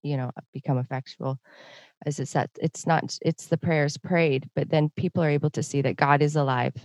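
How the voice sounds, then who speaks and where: A woman's voice: low-pitched, fairly even intonation, normal speed, darkish tone, dry recording, clean studio sound. A woman hosting a casual podcast interview, chatty and laughing often. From Canada. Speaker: podcast host.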